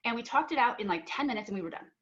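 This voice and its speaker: Racing along with lively intonation, a young woman on a panel speaks in a slightly high, somewhat bright voice, and the recording has its highs cut off. She tells a personal story earnestly, playing both parties in an argument with fillers and restarts.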